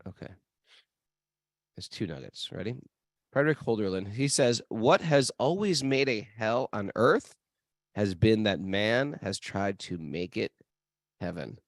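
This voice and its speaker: Male podcast host, low voice, dry close sound, playful talker who stumbles and restarts. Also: expressive, unhurried, long pauses, no room sound. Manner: chatty, many restarts, playful. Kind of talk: casual podcast chat.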